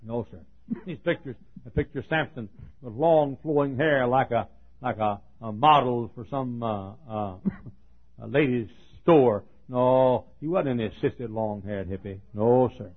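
A man's voice: medium pitch, a little slow. A man preaching a sermon in a folksy, joking storytelling manner, chuckling and coughing as he goes. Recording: tinny phone-like sermon tape.

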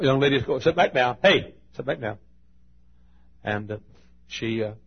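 A man preaching a sermon, telling folksy stories and swinging between loud and hushed delivery. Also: fairly low pitch, vocal fry, husky, dull audio. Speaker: pastor. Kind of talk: sermon storytelling.

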